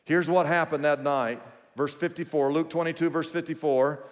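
A man's voice: a little high, fairly even intonation, normal speed. A man preaching a sermon to his congregation. He speaks with emphasis and calls on the crowd to repeat words back to him. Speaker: pastor. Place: large church auditorium. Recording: long hall reverb.

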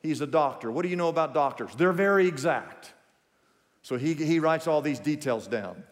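A man's voice: fairly high pitch, animated, moderate pace. A man preaching a sermon to his congregation. He speaks with emphasis and calls on the crowd to repeat words back to him. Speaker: pastor. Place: large church auditorium. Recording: long hall reverb.

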